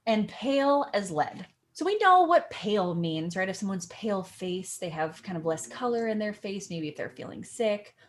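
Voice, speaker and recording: A young woman at medium pitch and moderate pace, with few pauses, goes through a monologue line by line for an acting class. She's playful and animated, punching key words, with slight background noise behind her.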